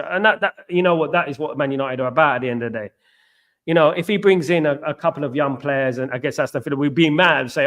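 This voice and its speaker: Brisk and fairly bright in tone, this high-voiced man runs a live football watchalong. He talks casually to his live chat, reacting with exasperation as he answers viewers.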